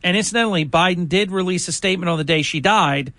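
A man's voice: sits high, fast talker, pushed and bright, no room sound. An older man hosting a political talk show, chatting in a rambling way that turns indignant. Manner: indignant, conversational, rambling asides. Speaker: radio talk host.

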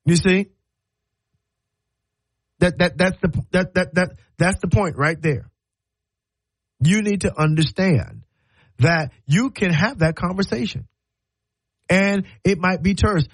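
Male radio talk host, emphatic sermon-like monologue, slightly husky tone, dry booth. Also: high-pitched, slow pace, pauses often, no echo, poor audio. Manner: preachy, emphatic, repeats words, acts out quoted lines.

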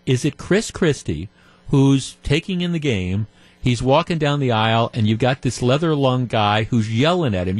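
A man's voice: medium pitch, animated, normal speed. A man hosting a call-in radio talk show, retelling a story in a conversational way. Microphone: studio microphone.

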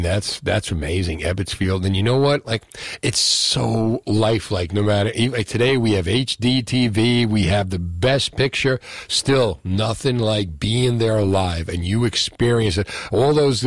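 A man hosting a call-in radio show, chatty and telling stories with quick asides. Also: fairly low pitch, no echo. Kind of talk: casual call-in radio talk.

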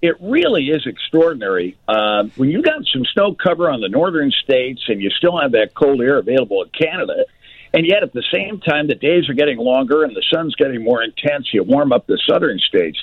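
A man talking weather on a phone-in, explaining things with lively rising and falling pitch. His voice is a bit husky and comes through a dry, tinny phone line. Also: brisk, dry recording. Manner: animated, explanatory, enthusiastic about weather. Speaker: meteorologist guest. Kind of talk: casual radio phone chat.

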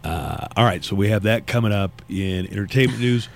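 A man's voice: fairly low pitch, creaky. A man from East Texas hosting a morning radio show, easygoing and chatty, with loose fillers between forecasts and segments. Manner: easygoing, laughs often, drawn-out fillers. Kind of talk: casual morning radio chat.

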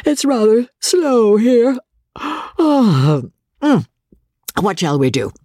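A reader voicing a teasing young gentleman officer in an audiobook, raised and playful in tone. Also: mid-range voice, big pitch swings, drawn-out words, dry recording, voice pushed up, heavily acted. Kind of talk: audiobook character voice.

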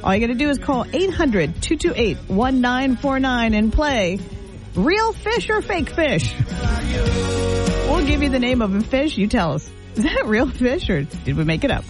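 A woman's voice: fairly high pitch, animated, moderate pace, music in the background. A woman hosting a radio morning show, chatting casually and laughing often.

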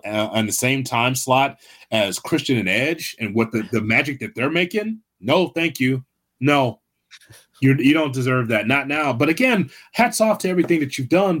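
A man's voice: medium pitch, fairly bright tone. A man co-hosting a wrestling podcast in casual chat, giving blunt, opinionated takes. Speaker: podcast co-host.

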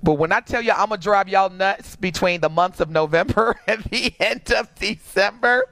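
A woman co-hosting a radio show in casual, playful chat and animated storytelling. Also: mid-range voice, normal speed.

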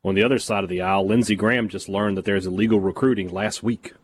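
A man co-hosting a sports talk show who cuts in with quick joking remarks. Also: fairly low pitch, steady tone, slight background noise. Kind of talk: casual on-air banter.

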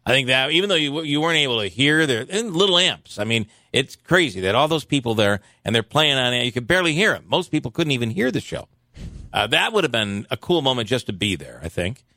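A man's voice: medium pitch, fast talker, no room sound, clean studio sound. A man hosting a radio show, reading quirky news items and chatting casually with plenty of fillers. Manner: relaxed, chatty, many fillers.

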